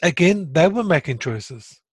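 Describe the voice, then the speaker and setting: At a measured pace, a middle-aged man with a slightly rough, somewhat high voice describes his recovery from a stroke. He's candid and sincere in the easygoing chat, turning animated during retellings, with no room sound present.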